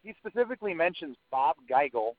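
A man's voice: a little high, big pitch swings, brisk, a little hiss or hum. A man casually telling a story as a podcast co-host, swearing freely and saying "like" often. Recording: dry, narrow phone-like sound.

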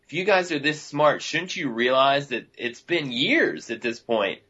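A man co-hosting a casual podcast, talking in a hesitant, easygoing way with many pauses and fillers. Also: medium pitch, expressive, pushed and bright, husky, lo-fi sound. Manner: hesitant, lots of uh and restarts, easygoing. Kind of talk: casual chat.

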